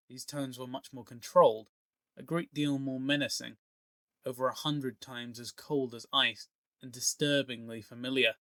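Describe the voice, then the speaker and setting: A man's voice: medium pitch, fairly even intonation, a little slow, a bit bright, no echo. A man narrating a fantasy audiobook, reading steadily between the character voices.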